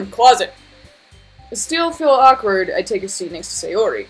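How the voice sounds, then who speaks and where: A woman's voice: mid-range voice, very animated, measured pace, husky, soft background music, low-quality recording. Swearing woman streamer reading a game. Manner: casual, swears freely, self-mocking asides. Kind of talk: reading a visual novel aloud on stream.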